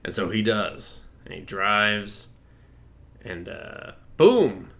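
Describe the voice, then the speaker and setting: A man with a low but bright, edgy voice retells a horror movie's plot beat by beat. His casual, profane storytelling is broken up by short character impressions. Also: very animated, very slow, gravelly. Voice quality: swears casually, recaps scenes, acts out lines. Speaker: podcast co-host. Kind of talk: casual movie review chat.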